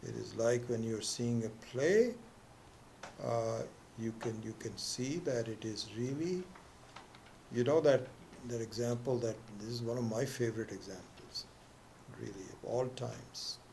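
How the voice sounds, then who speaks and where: Male spiritual teacher with a mid-range voice, leading a class with storytelling and halting phrasing; faint background noise. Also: mid-range voice, vocal fry, darkish tone. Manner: storytelling, acts out quoted voices; halting restarts. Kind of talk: scripture class lecture.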